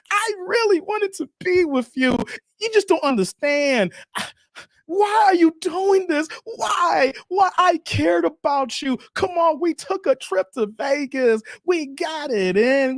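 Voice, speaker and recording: A man's voice: gravelly, fairly bright tone, no room sound, full character voice, poor audio. A man acting out a desperate, sobbing man who wails and pleads with a lover. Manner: wailing, high-pitched crying pleas.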